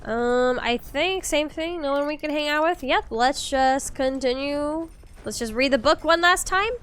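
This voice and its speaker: A woman's voice: high voice, unhurried, a bit bright. A woman streaming a video game, chatting casually and reading the game's dialogue aloud between laughs.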